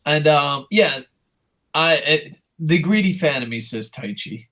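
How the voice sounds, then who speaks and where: A young man co-hosting a casual wrestling podcast, ranting in a profane, animated way. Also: a little high, measured pace. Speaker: co-host.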